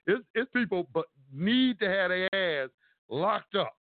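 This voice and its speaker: This caller to a talk show rants over the phone in a casual, profane, rambling way, hammering his points home. His voice is high and expressive, his pace measured, and the tinny, dry line carries slight background noise.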